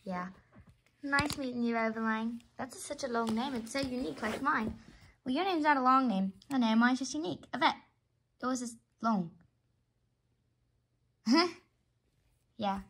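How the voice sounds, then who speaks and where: A woman's voice: a little high, measured pace, pauses often, fairly bright tone, slightly rough. A woman doing casual role-play dialogue, voicing every character herself and switching between voices in a chatty way.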